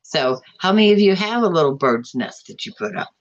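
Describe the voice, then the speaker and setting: A woman hosting a casual live stream, chatting and reading out viewer comments, with a drawn-out, bouncy way of talking. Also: expressive, muffled recording. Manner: chatty, drawn-out, swings up and down in pitch.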